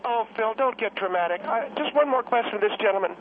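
A man's voice: high voice, fast talker, slight background noise, voice pushed up. A man voicing a prim, indignant older woman who is a guest on a talk radio show. She scolds and asks pointed, self-righteous questions. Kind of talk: comic talk-radio role-play. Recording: tinny phone line.

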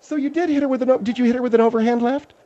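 A man's voice: very high-pitched, steady tone, very fast, dark tone, voice pushed up. Brief: proper, scolding woman guest, voiced by a man, lo-fi broadcast sound. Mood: prim. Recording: dull radio audio.

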